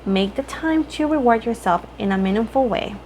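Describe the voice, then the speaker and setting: A woman's voice: a little high, animated, normal speed, darkish tone, a little hiss or hum. A young woman reading tarot cards for her viewers in a chatty, rambling way, often breaking off mid-sentence. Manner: chatty, rambling, self-interrupting. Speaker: tarot reader.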